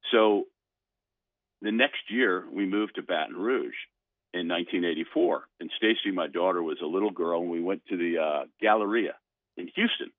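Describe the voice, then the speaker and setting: A man's voice: sits low, moderate pace, dry recording. An older man, a guest on a sports radio show, telling a long story with lots of restarts, heard over a phone line. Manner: animated storyteller with frequent restarts. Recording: dry phone-line sound.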